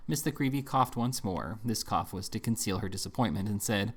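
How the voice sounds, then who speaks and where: A man narrating an audiobook in a steady, measured reading. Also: lowish voice.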